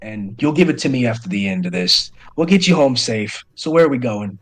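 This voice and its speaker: A man's voice: medium pitch, animated, brisk, faint music behind, close to an everyday voice, rough recording. A man voicing a smug, menacing male gang boss who carries a gun, with a sneering, threatening delivery.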